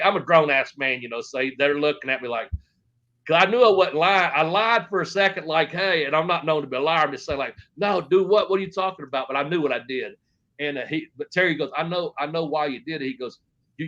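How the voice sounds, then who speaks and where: A man's voice: on the high side, a bit bright, lo-fi sound. Profane middle-aged man telling stories. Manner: rambling, profane, frequent restarts and quoted dialogue. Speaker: interview guest. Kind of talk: casual storytelling.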